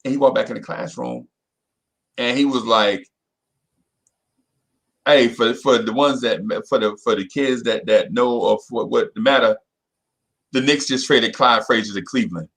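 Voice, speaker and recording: A middle-aged man, a podcast co-host, telling a story in casual chat. He talks in an animated way, often repeats himself and keeps saying "you know what I'm saying". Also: mid-range voice, moderate pace, gravelly, pauses often, rough recording.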